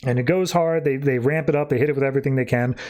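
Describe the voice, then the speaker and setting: A man hosting a podcast, giving a loose, slangy recap of a comic book issue with animated asides. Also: medium pitch, rapid-fire. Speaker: podcast host.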